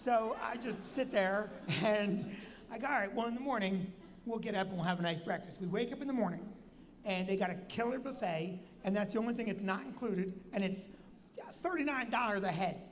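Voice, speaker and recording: Animated New Jersey male host, storyteller who acts out quotes; reverberant hall. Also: brisk. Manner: animated, acts out quotes with big pitch jumps. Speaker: comedian and show host. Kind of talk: storytelling on a live show.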